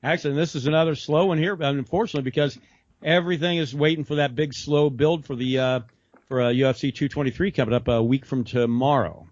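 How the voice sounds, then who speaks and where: A man's voice: on the high side, quick pace, no room sound. Rambling man podcast co-host, dull dry sound. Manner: rambling, laughing, quoting others in animated voices. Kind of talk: casual chat.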